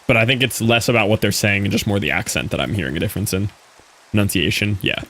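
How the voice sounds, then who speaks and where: A man's voice: fairly low pitch, quick pace, fairly bright tone, a little hiss or hum. A man streaming a game, chatting casually with viewers and answering their messages as he plays. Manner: chatty, answers chat, thinks aloud. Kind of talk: casual live-stream chat while gaming.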